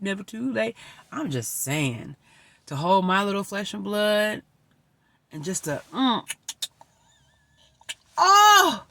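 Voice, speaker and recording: A woman in her forties telling a heartfelt personal story in a vlog, swinging between excitement and tearfulness. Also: fairly low pitch, dry recording. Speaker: vlogger.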